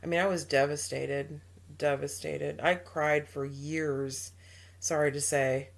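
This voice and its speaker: A woman's voice: sits low, level tone, takes it slowly, gravelly. A woman co-hosting an advice podcast in casual chat, talking emphatically with trailing restarts and acted-out quotes. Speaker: podcast co-host.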